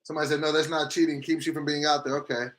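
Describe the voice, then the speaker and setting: A man with a fairly high voice runs a casual live stream, reading chat comments out and reacting to them. He talks in big swings, from loud exclamations down to muttered asides, and laughs often. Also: level tone, very fast.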